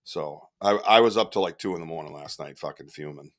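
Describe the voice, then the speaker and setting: A man's voice: very deep voice, fairly quick. A man co-hosting a podcast in casual chat, telling stories animatedly and swearing freely. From northern US. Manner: animated storyteller, swears freely, loud outbursts. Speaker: podcast co-host.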